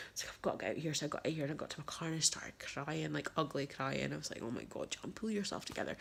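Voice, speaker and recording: A woman's voice: sits low, vocal fry. A young woman telling a personal story in a rambling vlog, full of fillers and dropping into whispers. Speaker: vlogger.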